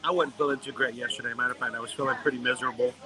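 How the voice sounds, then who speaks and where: A middle-aged man hosting a live stream, telling a playful story in a casual, animated way, outdoors in a theme park. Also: medium pitch, racing, rough recording. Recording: busy crowd noise behind. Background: crowd, park sounds.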